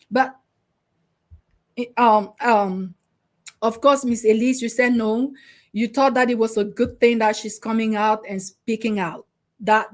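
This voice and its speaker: A young adult woman hosting a show as a relationship coach, giving opinionated commentary and asking her audience and co-host rhetorical questions. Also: on the high side. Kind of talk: casual commentary chat.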